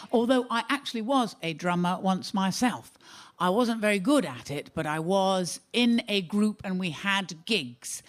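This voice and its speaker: A woman delivers dry, deadpan observations as a panellist on a radio comedy show. Her tone stays level and understated. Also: lowish voice.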